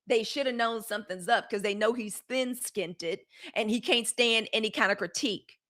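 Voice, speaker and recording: Host: middle-aged woman, slightly higher voice, blunt and sarcastic live-stream commentary on the news. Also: normal speed, a bit bright. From United States. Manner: blunt, fiery and sarcastic, with swearing and colloquial talk.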